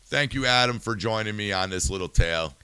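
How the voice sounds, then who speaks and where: A man's voice: fairly low pitch, brisk, sharp tone, clean tone, no echo. A male podcast host in a profane ranting monologue, angry and swearing, firing rhetorical questions and then turning subdued and somber.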